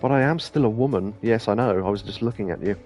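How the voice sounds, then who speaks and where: A man reading the lines of a weary single-mother hostess from a video game in his own plain voice, unhurried and flat. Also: fairly low pitch, soft background music, natural voice. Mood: wistful. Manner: reads game subtitles aloud in a plain, unhurried voice.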